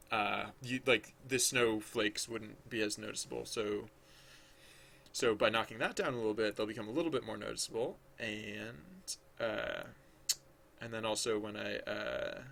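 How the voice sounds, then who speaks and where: A man's voice: lowish voice, gravelly, fairly bright tone. A man thinking aloud as he draws on a livestream, rambling and hesitant, full of restarts, chatting with viewers. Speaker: livestreaming digital artist.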